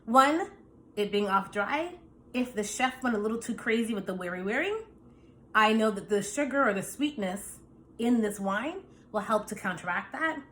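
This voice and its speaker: A woman vlogger talking casually as she tastes a dish and explains her wine pairing, relaxed and chatty with plenty of fillers. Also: fairly high pitch, normal speed. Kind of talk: casual tasting talk to camera.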